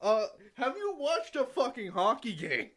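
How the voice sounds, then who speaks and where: A man's voice: extremely high pitch, very animated, measured pace, fairly bright tone. A man from Canada, the game master chatting bluntly and swearing freely during a live tabletop game. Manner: blunt, swears freely, rants with mock outrage.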